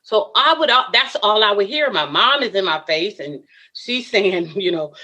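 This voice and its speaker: A woman's voice: medium pitch, lively intonation, a little slow, bright, forceful tone. A woman, a podcast guest, earnestly telling a personal story and laughing often between lines.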